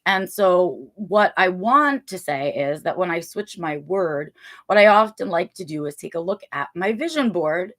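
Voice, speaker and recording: A woman with a low-set voice hosts a relaxed livestream from her home. She talks in a loose, rambling way and keeps checking in with her listeners as she goes. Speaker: livestream host. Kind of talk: casual livestream talk.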